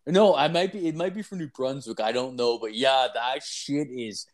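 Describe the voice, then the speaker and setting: A man's voice: mid-range voice, normal speed. A young man, co-hosting a podcast and telling a rambling, profane story full of "like". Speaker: podcast co-host. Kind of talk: casual podcast chat.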